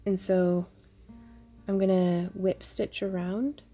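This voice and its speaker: A woman hosting a wire-wrapping jewelry tutorial, thinking aloud casually as she works, with playful little sound effects and soft asides. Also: on the low side, flat delivery, takes it slowly, faint music behind. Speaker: jewelry-making tutorial host. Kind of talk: casual crafting tutorial narration.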